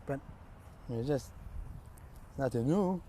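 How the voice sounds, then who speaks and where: A man's voice: medium pitch, animated, slow pace, mellow, a little hiss or hum. Rambling young man telling a story. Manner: rambling, casual, slangy, self-correcting. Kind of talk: improvised fan story narration.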